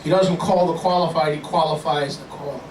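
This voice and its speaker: High-voiced preacher in an echoey hall. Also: male voice, moderate pace, crowd noise. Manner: animated preaching with jokes and acted-out voices. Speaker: pastor. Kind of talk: sermon. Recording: echoey room, distant from the mic, faint ambience.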